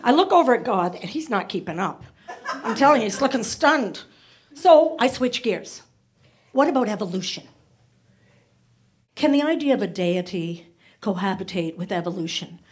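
A woman performing a stand-up comedy set on stage, chatty and quick to slip into voices for characters. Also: medium pitch, animated. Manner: chatty, rapid shifts into voiced asides. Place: comedy club stage before a laughing audience.

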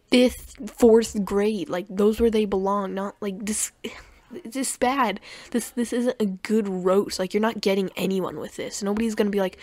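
A woman's voice: medium pitch, darkish tone, no echo. Sarcastic young woman, dry close sound. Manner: sarcastic, mocking, stumbles over words. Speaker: commentary youtuber. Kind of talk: sarcastic reaction commentary.

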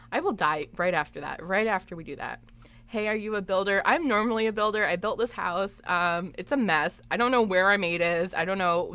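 A woman's voice: medium pitch, a bit bright. A young woman chatting through a live game stream, giggling often and reacting to her chat. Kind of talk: live gameplay commentary.

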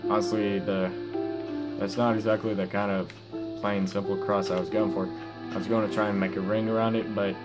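A teenage boy with a low, deep voice talks slowly through his gameplay, halting and restarting with lots of fillers. His mouth is sore after dental surgery, and guitar music plays under his voice. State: sore mouth after wisdom teeth removal. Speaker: gaming YouTuber. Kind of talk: casual gameplay commentary.

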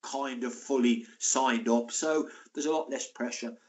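A man's voice: medium pitch, a little slow. Chatty man in his sixties. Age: 60s. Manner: chatty, animated, laughing anecdotes. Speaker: former footballer guest. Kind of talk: casual interview storytelling.

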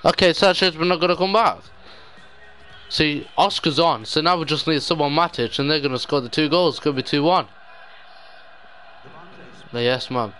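A man's voice: a little high, moderate pace, pauses often, a bit bright, faint music behind. A young man giving live gameplay commentary, despairing and muttering with sudden outbursts. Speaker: gaming YouTuber.

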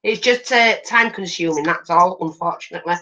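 Poor audio carries a lowish, brisk voice from an older grandmother hosting a craft channel. While crafting she chats and spins anecdotes, animatedly doing little voices for the characters.

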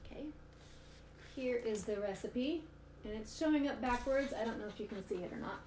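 A woman reading picture books aloud for a storytime, in an expressive, animated way, recorded in a roomy space with faint noise. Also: a little high, normal speed.

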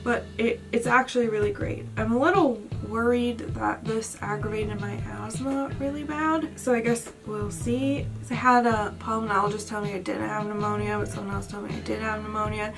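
Chatty young woman with a gravelly voice. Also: mid-range voice, steady tone, moderate pace, few pauses, over music. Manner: chatty, rambling, unsure of pronunciations. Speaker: vlogger. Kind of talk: casual chat. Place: indoors at home at night.

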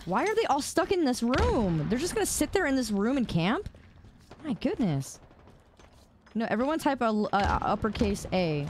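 A young woman streams a shooter game, casually chatting with viewers, greeting them by name and laughing often. Her slightly high voice is very animated and fairly quick, with hardly any pauses. The recording is noisy, with clicking behind her.

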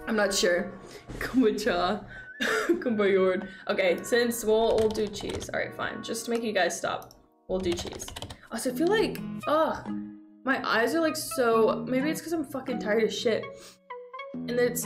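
A young woman streaming a game, chatting with her viewers in an excitable, exclamatory way with lots of swearing. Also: on the high side, normal speed, echoey room, music in the background. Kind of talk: casual live-stream gameplay commentary.

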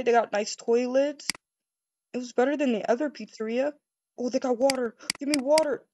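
A woman doing a first-person role-play over a game, excitable and easily startled, rambling with stammered restarts. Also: on the high side, muffled recording.

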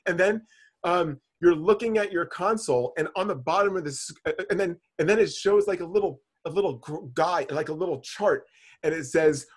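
Man, podcast co-host, casual storytelling, swears a lot, animated, slightly high voice. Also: moderate pace, breathy edge. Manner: animated, swears freely, acts out his own panic.

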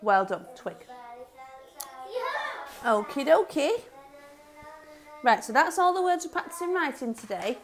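A young woman, a reception teacher leading a phonics lesson in a lively, sing-song way, sounding words out slowly. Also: high voice.

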